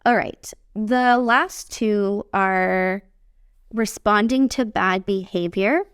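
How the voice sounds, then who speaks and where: A woman podcast host and business coach talking casually on her own, candid and swearing freely, slowing down and speeding up as she talks. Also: medium pitch, smooth, no echo, clean studio sound. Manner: lively delivery that swings from fast bursts to slow, stretched phrases. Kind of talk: casual solo podcast talk.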